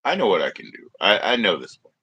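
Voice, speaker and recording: A man's voice: fairly low pitch, wildly swooping pitch, fast, pushed and bright, slightly rough, no room sound. A man chatting loosely on his live stream, rambling and swearing as he talks to his viewers and fights technical trouble. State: coughing at times. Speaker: livestreamer. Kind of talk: casual live stream chat.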